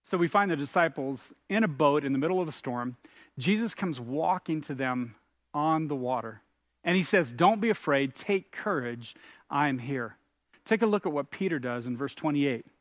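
A man with a fairly high voice preaches in an earnest, conversational way, asking questions and pressing hard on key phrases. The sound is dry and close, with no room around it. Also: expressive, normal speed, no room sound. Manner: earnest, builds to emphatic peaks on key phrases; conversational with restarts, asks the listener questions. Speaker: pastor. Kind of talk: sermon.

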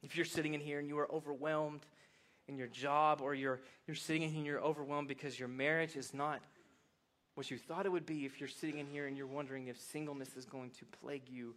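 A man preaching a sermon to a congregation, with a folksy, animated delivery that moves from soft reflection to excited emphasis. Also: a little fast. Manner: animated, swings from soft reflective lows to loud excited highs; folksy, addresses congregation as y'all. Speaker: pastor. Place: church sanctuary.

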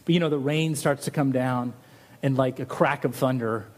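A middle-aged man preaching a sermon as pastor, animated and lively, his voice rising on rhetorical questions. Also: medium pitch, normal speed.

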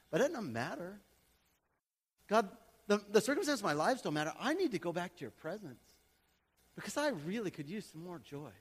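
A man in his thirties or forties, a pastor preaching a sermon to his church in a conversational way that swings between quiet, chatty asides and loud, emphatic passages. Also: high-pitched. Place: church sanctuary. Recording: long hall reverb.

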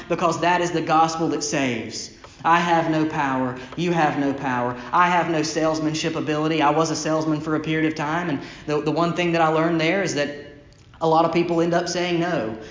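A male pastor preaching a sermon from the pulpit, pressing points with repeated phrases and dropping low and slow on key lines. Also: fairly bright tone, reverberant. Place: church sanctuary, from the pulpit.

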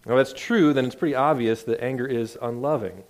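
A man's voice: medium pitch, a little fast. A man preaching a sermon in an earnest, conversational way, often restarting his words. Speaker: pastor.

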